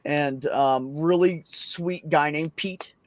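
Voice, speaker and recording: A man talks in an excited, rambling way, lingering on what he describes and swearing freely. His voice sits a little high for a man. The sound is dry and close, with no room in it. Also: slow pace, dry recording. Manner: excited storytelling, frequent swearing. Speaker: podcast host. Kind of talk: casual chat.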